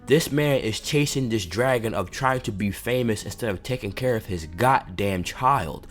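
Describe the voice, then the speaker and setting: Deep-voiced male host, indignant commentary rant over faint background music. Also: normal speed. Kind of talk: reaction commentary.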